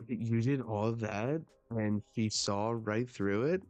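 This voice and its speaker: Casual male reaction host, low-pitched, slow, dry close sound, stammers when excited. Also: dry recording, faint music behind. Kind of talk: live reading and reaction.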